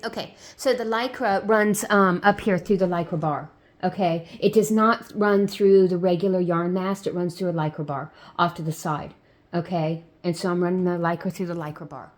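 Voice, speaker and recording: A lowish-voiced woman teaches sock machine knitting in a homey, step-by-step tutorial, steady in tone and at normal speed. Patient and chatty, she repeats steps, keeps checking in with "okay?", and tosses in a playful "ta-da".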